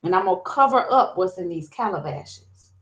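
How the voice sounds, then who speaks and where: A woman voicing a caring mother in a folktale, gentle and pleading. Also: lowish voice, expressive, moderate pace, close to an everyday voice.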